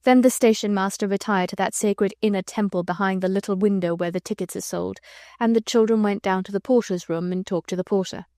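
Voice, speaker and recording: A woman narrating a classic children's novel as an audiobook, in a gentle storytelling manner. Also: medium pitch, steady tone, brisk, no room sound, clean studio sound. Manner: gentle storytelling, voicing children and adults lightly. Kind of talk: scripted narration.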